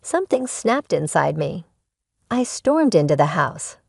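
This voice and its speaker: A woman narrating a first-person family drama, emotional and pointed. Her voice is low and gravelly, with lively swings in pitch. The recording is close and dry. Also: a little slow, dry recording.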